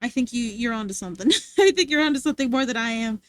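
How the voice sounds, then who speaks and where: A woman's voice: on the high side, fast, fairly bright tone, no echo. Giggly, rambling young woman streamer. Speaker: livestreamer. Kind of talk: casual chat with viewers.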